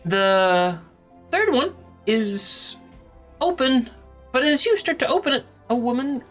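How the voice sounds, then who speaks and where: A woman's voice: fairly high pitch, expressive, slow pace, soft background music. A woman acting as game master, explaining rules and narrating scenes with easy fillers.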